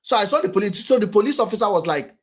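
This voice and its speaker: Husky Nigerian man, animated and high-pitched. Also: very fast. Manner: animated, rhetorical, acts out quotes. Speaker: vlogger and commentator. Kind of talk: casual commentary.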